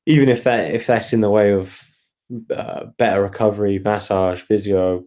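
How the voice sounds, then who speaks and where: Relaxed man, low voice. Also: normal speed. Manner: relaxed, rambling, laughs while telling stories. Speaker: guest fighter. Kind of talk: casual interview chat.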